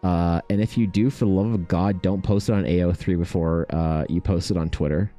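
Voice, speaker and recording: An art streamer chats casually while drawing, rambling, profane, and self-mocking. His voice is low, steady, and warm, a little fast, with soft music in the background.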